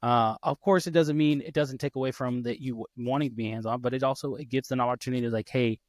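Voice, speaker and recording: A man in his thirties hosting a casual podcast interview, lively and quick to act out his kids' voices. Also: mid-range voice, dry recording, studio quality. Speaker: podcast host.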